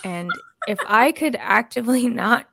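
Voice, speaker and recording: A woman's voice: on the high side, a little slow, vocal fry, dry recording, clean studio sound, soft background music. A woman co-hosting a podcast, chatting candidly and laughing as she tells stories. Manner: candid, laughs often, animated storytelling. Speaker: podcast co-host. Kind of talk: casual chat.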